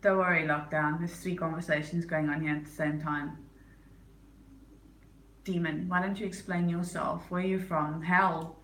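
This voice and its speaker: A woman's voice: low voice, flat delivery, normal speed, a bit bright, roomy sound, poor audio. A woman casually chatting on her livestream, reading chat aloud and teasing viewers, with an accent that is not American. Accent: non-American. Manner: playful, teasing, laughs often. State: has a headache.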